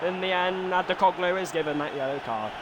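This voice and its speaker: A man streaming a football video game, doing his own match commentary that swings from quiet musing to shouted goal calls. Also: high-pitched, fairly quick. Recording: noisy background ambience.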